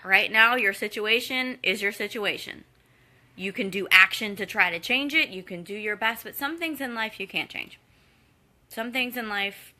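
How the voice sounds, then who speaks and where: Earnest woman with a bright tense voice. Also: mid-range voice. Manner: earnest, encouraging, conversational with fillers. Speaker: guest speaker in a live Q&A. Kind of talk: candid personal talk to a community.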